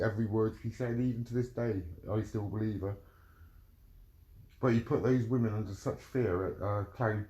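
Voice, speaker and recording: This middle-aged man's mellow, mid-range voice carries a furious, swearing vlog rant in which he keeps repeating points as he lets off steam.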